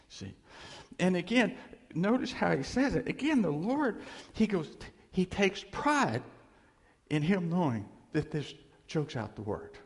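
A man's voice: sits high, sing-song, a little slow. A man preaching a conversational, emphatic sermon, acting out quoted voices. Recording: reverberant hall.

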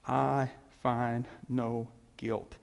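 A man voicing a weary, bewildered Roman governor in a sermon, slow and hushed, with a Southern accent. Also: mid-range voice, flat delivery, creaky, long reverb tail, pitched below the performer's own voice. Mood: firm.

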